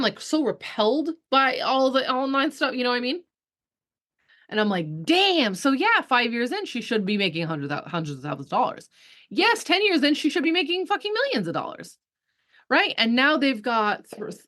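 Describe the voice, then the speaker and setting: Emphatic, profane woman coaching a group. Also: a bit bright. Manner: emphatic and profane, with big swings in pitch; chatty, full of fillers and restarts. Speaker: business coach and podcast host. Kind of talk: casual coaching talk to a group call.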